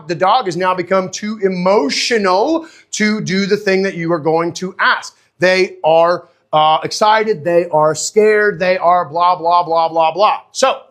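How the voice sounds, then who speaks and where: A man teaching as a dog trainer in a live online class, animated and conversational, often checking in with his listeners and answering viewers by name. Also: sits high. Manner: replies to viewers' comments by name.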